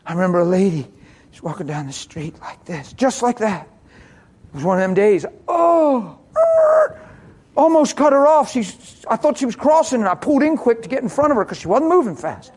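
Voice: mid-range voice, sing-song, a little fast, breathy edge. Preacher swinging from whispers to laughter. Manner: swings from hushed near-whispers to loud laughing exclamations; homespun and familiar, calls listeners honey. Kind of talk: storytelling sermon.

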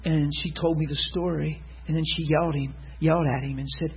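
A preacher with a high, husky voice tells a testimony story to his listeners. He acts out the people he quotes and swings from loud bursts to hushed, tender passages. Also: lively intonation, normal speed, muffled recording. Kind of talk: sermon testimony.

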